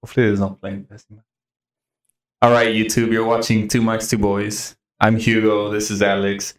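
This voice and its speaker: A man's voice: on the low side, flat delivery, normal speed. A young man hosting a casual podcast chat, swearing often and restarting his sentences. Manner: swears a lot, restarts, fussy about the intro. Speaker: podcast host.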